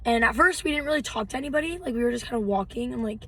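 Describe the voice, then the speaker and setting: A teenage girl co-hosting a casual podcast, rambling and filling every pause with "like.". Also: a little high, lively intonation, bright, forceful tone, breathy edge. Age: teens. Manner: rambling, heavy use of "like". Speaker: podcast co-host. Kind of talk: casual chat. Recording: distant mic with faint background noise.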